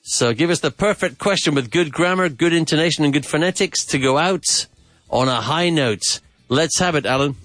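A man's voice: a little high, normal speed, fairly bright tone, no room sound, faint music behind. A man hosting a podcast grammar lesson, repeating phrases, drilling questions and dropping in Spanish asides with enthusiasm. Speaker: English teacher and podcast host.

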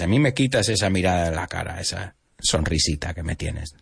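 A man's voice: low-pitched, a little fast, creaky, slightly rough. An American man teaching English to Spanish speakers on a live stream, playful and chatty, switching into Spanish now and then. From United States. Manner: animated, playful, mixes in Spanish.

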